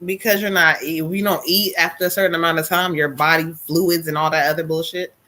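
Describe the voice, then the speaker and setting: A woman's voice: deep voice, steady tone, brisk, bright, forceful tone. A woman from New Jersey giving a psychic reading on a live stream, blunt and profane. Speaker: psychic medium.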